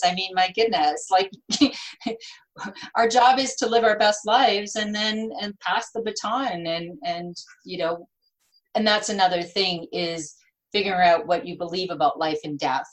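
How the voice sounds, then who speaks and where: A middle-aged woman talks like an author in a relaxed interview. She tells her stories in a chatty, animated way and keeps the mood open and friendly. Her pitch sits in an ordinary middle range. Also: a little slow, low-quality recording. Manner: chatty, animated storytelling with laughs. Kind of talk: casual conversation.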